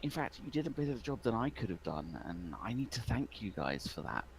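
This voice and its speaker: A man voicing a scheming, condescending elf woman leader in a tabletop game, high and sugary in tone. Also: sing-song, brisk, vocal fry, a little hiss or hum, poor audio. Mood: gloating.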